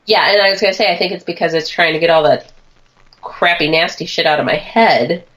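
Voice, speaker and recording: Hoarse woman with a sinus cold. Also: fairly bright tone. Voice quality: lowered, husky sick voice. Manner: laughs often, chatty and quick. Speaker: podcast co-host. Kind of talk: casual chat. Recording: dull lo-fi stream audio.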